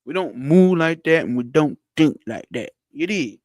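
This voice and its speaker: A man teaching spirituality. He reads a text aloud slowly and breaks off into blunt, slangy asides with profanity for a live chat. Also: on the high side, animated, darkish tone, no echo, studio quality. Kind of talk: reading a text aloud and commenting on it.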